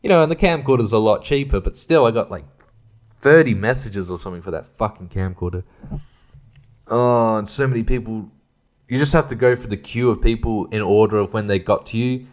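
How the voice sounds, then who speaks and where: Host, lowish voice, rambling solo chat, swears a lot, easily exasperated. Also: male voice, a little fast. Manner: profane, exasperated ranting. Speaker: podcast host. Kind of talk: rambling casual monologue.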